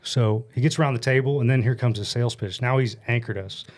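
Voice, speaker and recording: A man in his forties from the United States, telling a story as a podcast guest in a blunt, animated way and swearing freely, into a studio mic. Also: mid-range voice, fast talker. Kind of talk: casual storytelling chat. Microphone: studio mic on a stand.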